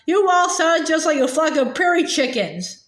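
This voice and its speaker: A woman's voice: high voice, very animated, moderate pace, voice pushed up. A woman voicing a shy, blunt young country girl in a storybook reading, talking in an eager, blurting way. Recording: echoey room.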